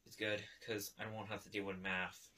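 A young man in a casual comedy sketch, giving slow, deadpan answers. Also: lowish voice, very noisy.

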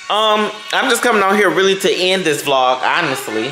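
A man's voice: high-pitched, expressive, moderate pace, hardly any pauses, sharp tone, reverberant, poor audio. A man chatting casually to his viewers in an upbeat vlog, calling them y'all. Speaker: vlogger.

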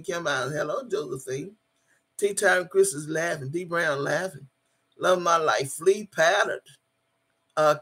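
A woman hosting a casual livestream, reading chat aloud and talking back in a loud, profane, boastful way, laughing often. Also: lowish voice, slightly rough.

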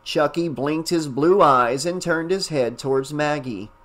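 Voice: medium pitch, measured pace, fairly bright tone, a little hiss or hum. An audiobook narrator reading a fan novel aloud, who then chats enthusiastically as the channel's host. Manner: enthusiastic, chatty, with fillers in the wrap-up.

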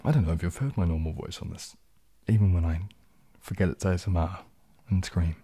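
Deep, husky New man. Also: a little fast, mellow. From New Zealand. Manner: reads viewer comments aloud and answers them in a low, laid-back way. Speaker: ASMR streamer. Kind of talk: casual live-stream chat, soft-spoken.

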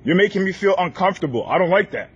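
Insistent high-voiced man confronting staff. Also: animated, fast, lo-fi sound. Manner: loud, insistent, repeating demands. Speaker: customer filming a confrontation. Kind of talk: heated filmed confrontation. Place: inside a large store. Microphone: handheld phone recording.

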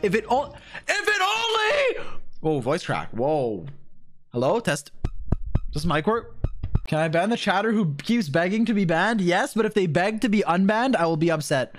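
Young guy streaming, talks kinda high, swings all over the place, cussing at chat. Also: moderate pace, soft background music. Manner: animated, swearing, bantering with chat. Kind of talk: casual livestream chat.

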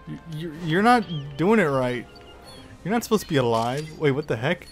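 A man giving excitable let's play commentary, swearing often and taunting the creatures on screen. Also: fairly high pitch, normal speed, faint music behind. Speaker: gaming YouTuber.

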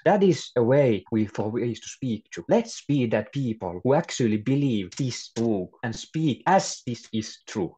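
A man's voice: medium pitch, dark tone, breathy edge. A man, preaching earnestly and urgently at a bible study as an English speaker.

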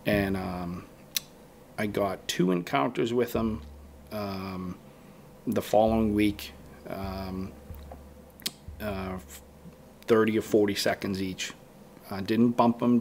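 With a fairly low, slightly mellow voice full of vocal fry, the guest bowhunter rambles through a casual story in a podcast interview. He voices his earlier thoughts as quotations, and there's a bit of background noise.

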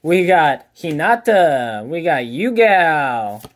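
Very animated yet slow, a man with a slightly high voice hosts a card pack opening for his channel. He's upbeat and chatty, announcing each card as he pulls it, a collector sharing the moment casually.

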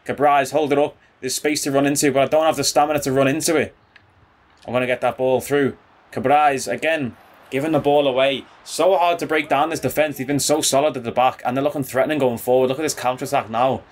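A man talking over his football game as he plays, reacting loudly to each chance and foul. His voice sits at an ordinary middle pitch for a man, and he keeps up a chatty, excitable running commentary aimed at his viewers. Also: fast talker. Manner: excitable, calls viewers bro and boys. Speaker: gaming YouTuber. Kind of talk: casual gameplay commentary.

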